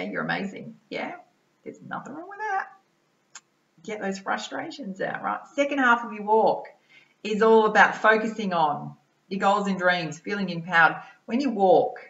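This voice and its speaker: An Australian woman, a mind-body-soul balance coach, giving an energetic, chatty motivational talk to camera and tacking "right?" and "yeah?" onto her sentences. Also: on the low side, echoey room, lo-fi sound. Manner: energetic, chatty, keeps adding tag questions like "right?" and "yeah?".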